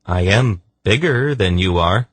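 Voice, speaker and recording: A man voicing a patient, gently stubborn young man in an audiobook, in a mild, bland tone. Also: low-pitched, animated, a little slow, husky, no echo, full character voice. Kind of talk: audiobook character voice.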